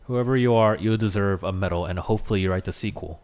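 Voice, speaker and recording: Low-voiced man, laughing casual chat. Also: fast, a little mellow.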